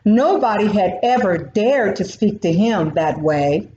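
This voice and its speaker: Slow, expressive woman reading a storybook. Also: medium pitch, a little hiss or hum. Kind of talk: reading a children's storybook aloud. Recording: roomy, dull recording.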